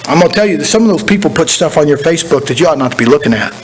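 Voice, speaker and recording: Man, pastor, folksy sermon, high voice, faint hiss behind. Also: expressive, very fast, poor audio. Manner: folksy, conversational preaching with repeated phrases. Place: church sanctuary.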